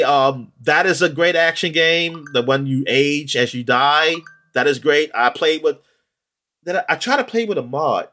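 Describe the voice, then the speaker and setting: A man's voice: medium pitch, bright, forceful tone. A man chatting casually in a podcast, rambling with many ums and restarts. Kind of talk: casual chat about video games.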